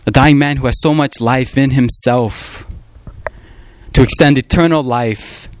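A man's voice: mid-range voice, fairly even intonation, measured pace, slight background noise. A man preaching a sermon in an earnest, emphatic way, often repeating himself and leaning on "you know" as he explains. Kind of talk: sermon on a Gospel passage.

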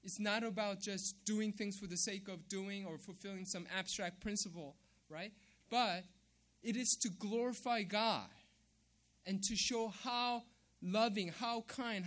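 A man's voice: sits high, fairly bright tone. A man preaching a sermon, emphatic, repeating key phrases and checking in with "right?". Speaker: pastor.

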